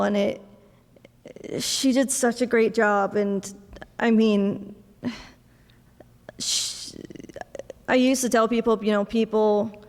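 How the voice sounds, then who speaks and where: A young woman giving a memorial speech for her mother, telling family stories with soft laughs and acting out bits of dialogue. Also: on the high side. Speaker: eulogy speaker, daughter of the deceased. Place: memorial service hall. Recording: long reverb of a large hall.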